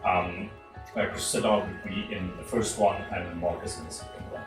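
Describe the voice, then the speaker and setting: A man narrating as game master, halting with lots of fillers. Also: sits low, fairly even intonation, roomy sound, recorded from a distance, over music.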